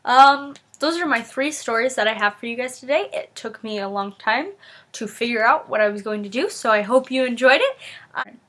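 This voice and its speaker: A woman's voice: a little high, expressive, moderate pace, fairly bright tone. A young woman vlogger rambling through a family story in casual talk, full of "like" and restarts, acting out the lines of the people in it. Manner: rambling, lots of "like" and restarts, acts out quotes.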